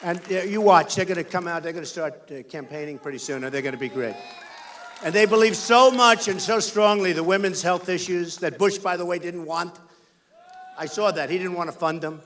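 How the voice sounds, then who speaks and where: A man's voice: sits high, brisk, fairly bright tone, slight background noise. An American man giving an emphatic, repetitive campaign rally speech as a political candidate on a stage microphone in a large indoor venue.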